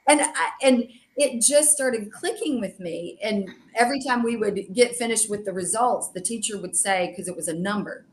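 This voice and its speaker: Animated woman telling stories as a guest. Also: medium pitch, normal speed, few pauses, slight background noise. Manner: animated, self-described extreme extrovert, acts out dialogue. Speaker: real estate agent, podcast guest. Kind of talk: casual interview storytelling.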